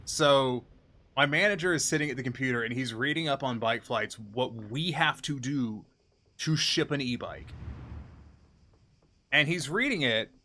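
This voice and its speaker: A man livestreaming, telling an exasperated, profane work story in a casual, animated way. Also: medium pitch. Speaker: streamer. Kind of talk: casual storytelling on a live stream. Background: faint game music.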